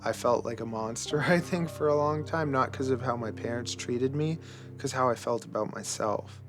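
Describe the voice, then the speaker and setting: A mid-pitched man speaks earnestly in an interview and walks through his points. He leans on rhetorical questions, and soft music plays faintly underneath. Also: moderate pace. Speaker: barber interviewed about his life. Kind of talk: reflective interview.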